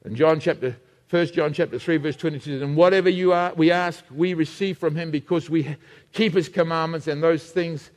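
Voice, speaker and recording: A man's voice: fairly high pitch, fairly even intonation, normal speed, in a large hall. A man preaching a sermon, emphatic and fond of repeating phrases for effect.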